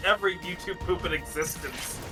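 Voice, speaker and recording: A man co-hosting a game stream, chatting in a relaxed, joking way. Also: sits high, brisk. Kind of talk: casual gameplay chat. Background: game music.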